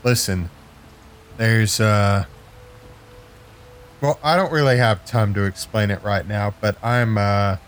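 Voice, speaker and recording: A man plays in a tabletop game, speaking very slowly and haltingly. His voice sits somewhat low, and a faint noise runs behind him. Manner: hesitant, halting. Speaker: player.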